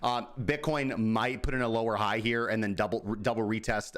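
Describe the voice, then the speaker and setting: A man's voice: medium pitch, normal speed, fairly bright tone. Profane, rambling man hosting crypto talk. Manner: profane, rambling, self-mocking. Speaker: crypto trading show host. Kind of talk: casual market commentary.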